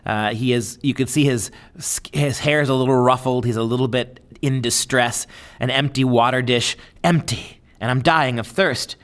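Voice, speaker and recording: A male lecturer giving a discursive lecture, often asking "right?" and pausing with "uh". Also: mid-range voice, steady tone, fairly bright tone. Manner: discursive, with frequent rhetorical "right?" and filler "uh".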